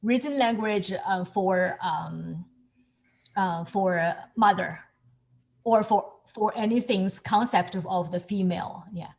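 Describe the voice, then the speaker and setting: A woman's voice: mid-range voice, takes it slowly, creaky. A woman teaching a student over a video call, explaining patiently and encouraging the student as she repeats each word. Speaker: calligraphy and Chinese teacher. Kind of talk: online lesson explaining to a student.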